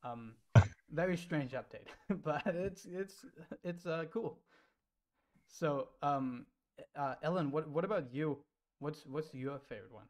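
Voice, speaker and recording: A man's voice: a little high, a little slow. A man moderating a fan panel, upbeat and laughing between questions. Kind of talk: casual panel chat.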